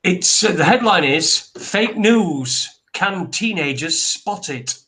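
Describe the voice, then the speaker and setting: A man's voice: high-pitched, expressive, slow pace, sharp tone. A man co-hosting a casual news talk show, rambling and hesitant as he reads articles aloud. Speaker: podcast co-host.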